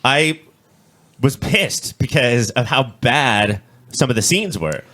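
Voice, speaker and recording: A young man with a mid-pitched, bright, forceful voice talks as a podcast co-host. His manner is blunt and salty, and he swears freely while he rants in loose, casual chat. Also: animated, takes it slowly. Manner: blunt, profane, and ranting. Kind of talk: casual chat about a TV show.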